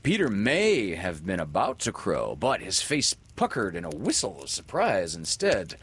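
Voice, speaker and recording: A man reads a children's story aloud in a slightly husky voice, deep for a man. His telling swings widely in pitch and takes its time, dramatic and expressive. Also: unhurried. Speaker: narrator. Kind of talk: storybook read-aloud narration.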